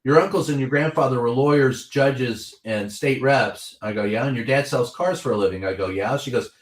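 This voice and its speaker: A man's voice: medium pitch, moderate pace, roomy sound. A veteran reporter, a man, talking politics bluntly and heatedly, swearing freely as he tells stories. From Kentucky. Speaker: veteran White House reporter, guest. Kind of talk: impassioned political talk.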